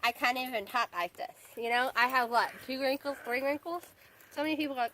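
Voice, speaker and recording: A woman's voice: a little high, fast talker, bright, forceful tone. A woman horse trainer giving chatty instructional commentary while riding, repeating key words for emphasis. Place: outdoors with a horse. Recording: noisy outdoor audio with hoofbeats.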